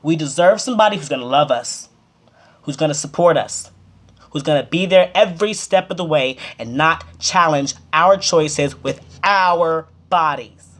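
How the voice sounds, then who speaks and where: A vlogger giving heated, impassioned advice straight to the camera, scolding with emphatic repetition and swinging up to loud, forceful peaks before dropping back to a steady, lower tone. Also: moderate pace. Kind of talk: direct-to-camera advice rant.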